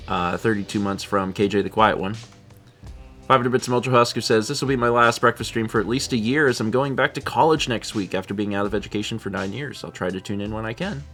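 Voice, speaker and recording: A man's voice: on the low side, brisk, fairly bright tone, faint music behind. A man co-hosting a live stream, chatting casually and reading out viewer messages with a laid-back manner and frequent chuckles.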